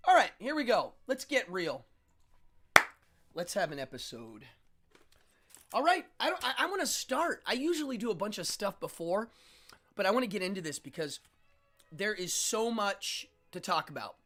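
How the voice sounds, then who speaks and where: A man's voice: high-pitched, very animated, normal speed, long pauses, fairly bright tone, faint music behind. A man in his forties hosting a casual livestream, chatting with viewers and eating between sentences. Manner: chatty, eats between lines. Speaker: livestream host.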